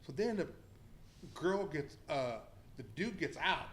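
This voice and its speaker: A man spins a long, swearing-laden story across the podcast table. His voice sits a little high for a man, and he drives the tale along with lively, animated energy. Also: slow, slight background noise. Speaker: podcast guest. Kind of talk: casual storytelling chat.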